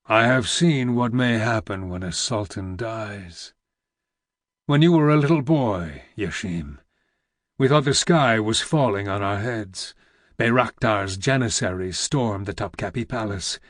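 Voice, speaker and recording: A man reading an audiobook, voicing a weary, heavy old vizier who speaks slowly in a deep, rumbling, almost whispered growl. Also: expressive, no room sound, clean studio sound. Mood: grave. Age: older. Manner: slow, grave and weighty.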